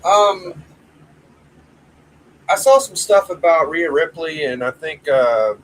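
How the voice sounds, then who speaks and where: A man's voice: on the high side, expressive, slow pace, a little hiss or hum, rough recording. Blunt, swearing man in casual chat.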